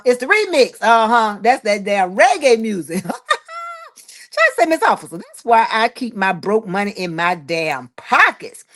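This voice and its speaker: A woman's voice: medium pitch, sing-song, normal speed, a bit bright. A woman hosting a live stream in casual chat, reading viewer comments aloud and calling listeners honey, child and boo. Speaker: livestream host.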